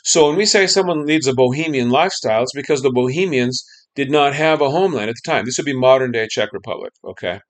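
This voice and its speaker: A man's voice: mid-range voice, fast. A man lecturing a class on music history, loose and conversational, checking in with the students and humming snippets of melodies.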